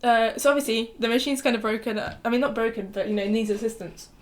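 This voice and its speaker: Young woman on a podcast, slightly high voice, rambly and giggly. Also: quick pace. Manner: giggly, rambling, lots of fillers. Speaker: podcast co-host. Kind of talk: casual storytelling chat.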